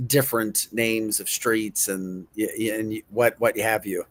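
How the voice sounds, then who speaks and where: A man's voice: lowish voice, fairly even intonation, unhurried. A middle-aged man hosting a casual chat show, playful, repeating words in mock pronunciations and chuckling often. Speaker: show host.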